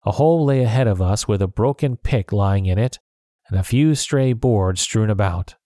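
A man narrating an adventure story audiobook in a measured, expressive way. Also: lowish voice, no echo, clean studio sound.

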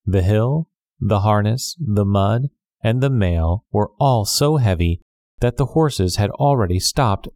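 A man reading a classic novel aloud as scripted storybook narration, measured and clear. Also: lowish voice, mellow, no echo, studio quality. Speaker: audiobook narrator.

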